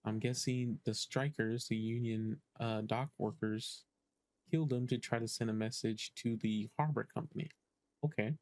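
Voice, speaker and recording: A man's voice: medium pitch, steady tone, moderate pace, a little mellow, dry recording. Male streamer, casual game commentary, hesitant, thinks aloud, dry mic. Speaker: gaming streamer. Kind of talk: casual let's-play commentary.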